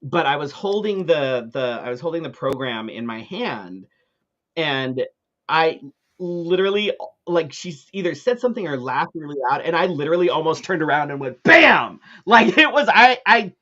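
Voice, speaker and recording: A male co-host spins a long, exasperated anecdote in loose casual chat, his pitch sitting a little high and bouncing all over the place. He swears freely and stumbles through plenty of fillers. The sound is dull and lo-fi, like a live stream. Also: moderate pace. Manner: animated storytelling with frequent swearing and fillers. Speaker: co-host of a live talk show.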